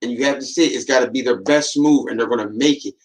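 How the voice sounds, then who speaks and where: A fast-talking podcast host with a mid-range voice warns his audience again and again with "man" and "watch" during a casual monologue. His storytelling is slangy and streetwise, acting out quoted voices, and the recording quality is low.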